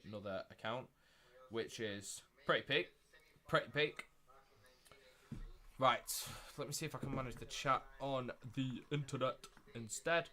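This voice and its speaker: Bright-voiced young man streaming live. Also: medium pitch. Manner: excitable, repeats phrases, shouts when thrilled. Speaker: streamer hosting a live watchalong. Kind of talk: casual live commentary.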